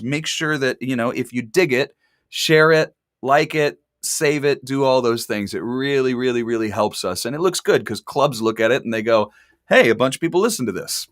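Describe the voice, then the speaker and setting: Chatty host with dry sarcastic humor. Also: male voice, medium pitch, fairly bright tone, no room sound. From Texas. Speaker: talk show host. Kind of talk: casual chat.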